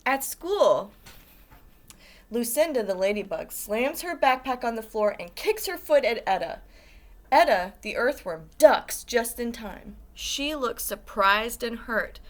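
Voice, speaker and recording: Woman, school guidance teacher, picture-book read-aloud, encouraging, asks kids questions, fairly high voice. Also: lively intonation, a little slow. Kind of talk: reading a picture book to young children.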